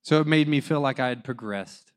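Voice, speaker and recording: A man in his thirties recounts being a father in an animated, self-mocking personal story, performing the dialogue. His mid-range voice is smooth and brisk.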